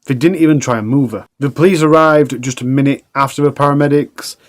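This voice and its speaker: A man's voice: mid-range voice, a little fast. A man narrating a true crime documentary in a plain, conversational way with casual asides.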